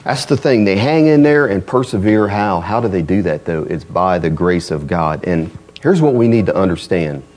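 A man preaching a sermon in a conversational way, acting out quoted voices and moving between loud emphasis and quiet, low asides. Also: expressive, moderate pace, few pauses. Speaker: pastor.

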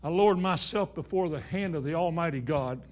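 A male pastor delivering a sermon with a slightly higher-than-usual voice. He talks in a folksy, conversational way, sinking to quiet, intimate lines before building to forceful, emphatic claims. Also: fairly quick. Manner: folksy, swings between hushed and emphatic.

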